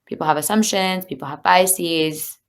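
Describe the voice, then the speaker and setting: A woman's voice: on the low side, moderate pace, smooth. A woman, a leadership coach, talking candidly and earnestly as an interview guest, with many fillers. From United States. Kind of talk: conversational interview.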